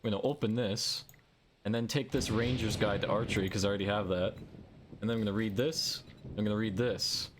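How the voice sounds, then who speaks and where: A man live-streaming a survival game, chatting excitably and playfully and making silly sound-effect noises. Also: fairly low pitch, a little fast, noisy background.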